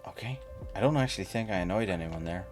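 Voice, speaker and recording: Fast and low-voiced with lively intonation, this man talks over music during a casual gameplay stream. He keeps up a playful, talkative chatter and pokes fun at the creatures on screen.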